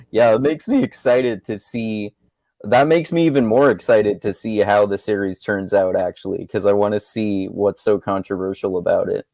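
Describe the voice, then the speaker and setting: A man's voice: fairly low pitch, fairly even intonation, normal speed, gravelly, mellow, dry recording. A man co-hosting a book club podcast, asking questions and laughing often. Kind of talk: casual podcast chat.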